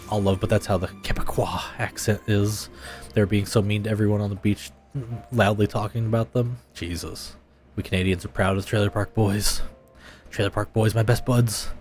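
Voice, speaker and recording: A man streaming a game live, chatting casually with viewers in a laid-back way and laughing often. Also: on the low side.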